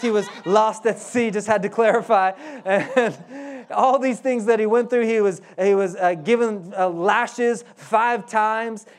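A man from Oklahoma preaching with a light, high voice and a local twang. His sermon is folksy and full of quick joking asides. He repeats his key lines for emphasis. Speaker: pastor.

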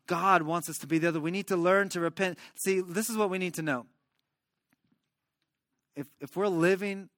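A man preaching a sermon in a conversational style, often tagging his points with questions and swinging between loud and soft. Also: sits high, dry recording, clean studio sound. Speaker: pastor.

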